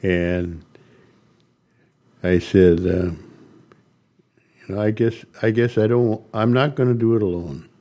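Slow, deep-voiced older man telling stories. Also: warm tone. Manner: slow, halting storyteller with chuckles. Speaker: interviewee recounting ministry. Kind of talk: storytelling interview.

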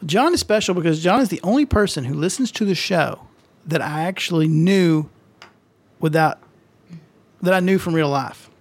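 A man's voice: a little high, animated, normal speed, pauses often. A man hosting a podcast in casual group chat, teasing and laughing often. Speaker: podcast host.

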